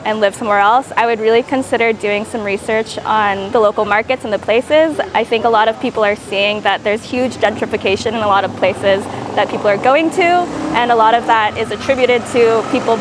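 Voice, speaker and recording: Woman interviewee, earnest and reflective, slightly high voice, street noise behind. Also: brisk, few pauses. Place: outdoors in a town.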